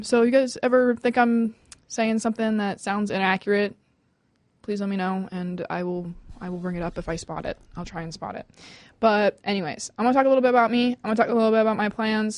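A woman of twenty hosting a student radio show in casual chat, talking fast and nervously with many fillers and restarts. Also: medium pitch, no room sound. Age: 20s.

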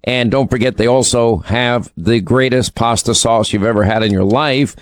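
A man's voice: medium pitch, moderate pace. Chatty man on talk radio. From New York. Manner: chatty, rambling, frequent ums and restarts. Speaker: radio co-host. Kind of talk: casual radio talk with live ad reads. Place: radio studio.

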